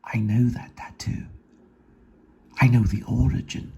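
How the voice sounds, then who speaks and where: A man's voice: medium pitch, fairly even intonation, a little slow, darkish tone, slightly rough, pitched above the performer's own voice. A man voicing a pompous, eccentric man in a hunting costume who talks in an old-fashioned, genteel way. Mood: hushed awe.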